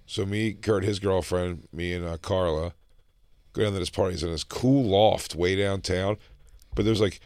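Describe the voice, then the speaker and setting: Man, low voice, laid-back story, dry studio mic. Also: fairly even intonation, moderate pace, darkish tone, no room sound. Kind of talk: casual chat.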